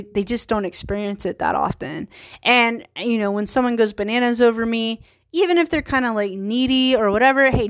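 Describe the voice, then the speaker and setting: A woman in her thirties hosts a casual solo podcast, chatting earnestly, giggling and poking fun at herself. Her voice is a little high, recorded with no room sound.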